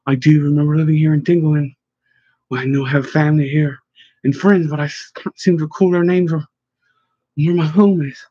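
A man voicing a tearful young woman who has lost her memory, speaking hesitantly and haltingly. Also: low voice, steady tone, dark tone, husky, no echo. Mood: shaken. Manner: hesitant, faltering. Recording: slightly dull, dry recording.

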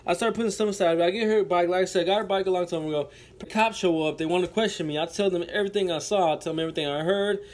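A high-voiced male vlogger rattles off a dramatic story-time tale at rapid-fire speed. He says lines twice for effect and keeps breaking off to speak to his viewers as folks.

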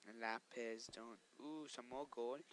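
A man's voice: medium pitch, steady tone, measured pace, heavy background noise. A man giving casual gameplay commentary, chatting to viewers and scolding the monsters aloud. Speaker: let's play host.

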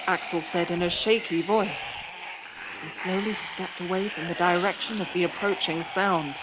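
A woman narrating a story in an expressive storybook reading. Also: fairly low pitch, measured pace, heavy background noise.

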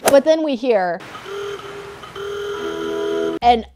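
A woman's voice: fairly high pitch, lively intonation, normal speed, over music. A young woman with a sick voice, recapping a movie with sarcastic, jokey asides. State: sick, stuffy voice. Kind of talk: comedic movie recap narration.

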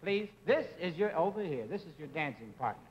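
A man playing an impatient, smooth-talking dance teacher who scolds and coaxes his pupil in a 1950s TV sketch. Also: on the high side, big pitch swings, brisk, slight background noise. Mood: bossy. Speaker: comic actor in a sketch. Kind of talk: 1950s live TV sketch comedy. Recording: dull 1950s broadcast with studio audience laughter.

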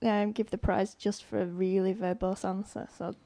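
A woman's voice: mid-range voice, little pitch movement, normal speed, dark tone, no room sound. A British woman on a podcast panel, reading out quiz answers with the odd giggle. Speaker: podcast co-host, producer. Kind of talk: casual panel chat.

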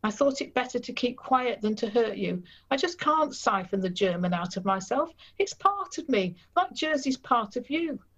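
A woman's voice: fairly high pitch, sing-song, normal speed, hardly any pauses, fairly bright tone, pitched above the performer's own voice. A woman reading an earnest young German baker. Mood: reassuring. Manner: pleading, sad. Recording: dull lo-fi recording.

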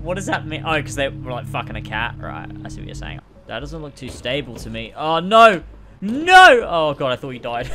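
A young man streaming a game, reacting excitedly, swearing and laughing often, and reading the game's dialogue aloud. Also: medium pitch. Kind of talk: gameplay reaction commentary.

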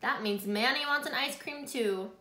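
A woman's voice: high voice, normal speed, bright, forceful tone. A teacher voicing a cheerful young girl in a picture book read-aloud, speaking in a proud, matter-of-fact way. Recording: echoey room.

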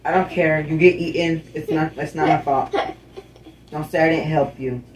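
A woman's voice: low voice, steady tone, normal speed, reverberant, far from the mic, slight background noise, poor audio. A woman playing a game and chatting casually, goofing around, swearing and talking to the animals on screen. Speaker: gamer, channel host.

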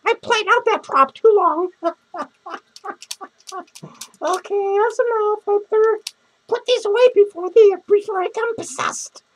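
A man's voice: very high voice, a little slow, long pauses, fairly bright tone, low-quality recording. A man playing a foul-mouthed, lonely, hungover female clown who rambles crudely, curses and cackles in a comedic character monologue. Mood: rambling. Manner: crude, rambling rants full of cursing and cackling laughs.

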